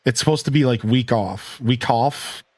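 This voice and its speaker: A man's voice: medium pitch, moderate pace, no echo. A man casually chatting while live-streaming a video game, reading chat and laughing easily. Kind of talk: casual live gameplay commentary.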